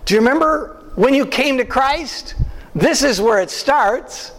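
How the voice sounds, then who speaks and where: A man preaching a sermon as pastor, animated and full of rhetorical questions and asides to the congregation. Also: extremely high pitch, a little slow. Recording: long hall reverb.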